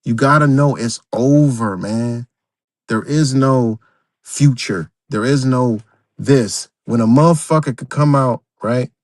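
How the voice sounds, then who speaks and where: A man's voice: mid-range voice, slow, a little mellow, dry recording, studio quality. A man hosting a livestream, ranting unscripted, profane and emphatic, repeating himself and talking straight to his viewers. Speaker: livestream host.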